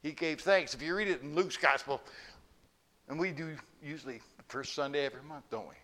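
A man's voice: a little high, brisk, sharp tone. A man preaching a sermon to a church congregation, telling stories and asking the people questions. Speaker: pastor.

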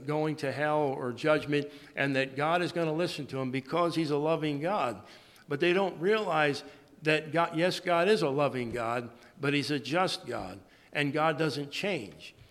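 A man giving a sermon in a halting way, often repeating and restarting his words. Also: fairly high pitch, fairly bright tone. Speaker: preacher. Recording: long hall reverb.

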